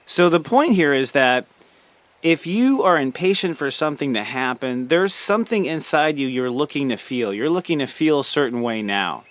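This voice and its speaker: A man hosting a daily spiritual talk, gently encouraging the listener and calling them friend. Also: on the high side, lively intonation, normal speed, no echo. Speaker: spiritual podcast host.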